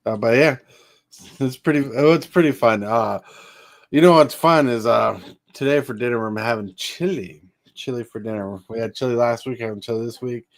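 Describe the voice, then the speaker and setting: A man hosting a relaxed chat stream, with a voice of middling pitch. He rambles through his points, leans on fillers, and laughs often. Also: normal speed. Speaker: podcast host. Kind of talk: casual chat.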